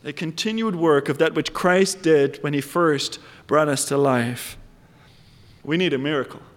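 A male pastor with a high voice preaches slowly and deliberately to his congregation. He stretches out key phrases and lifts his voice for emphasis. Long reverb from a large church hall trails behind every word. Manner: measured preaching, slowing and rising to stress key phrases. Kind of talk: sermon. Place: church sanctuary.

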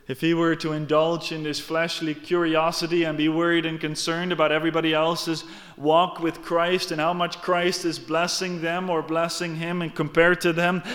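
Male preacher, emphatic sermon delivery, slightly high voice, long hall reverb. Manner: emphatic, earnest, addresses congregation directly.

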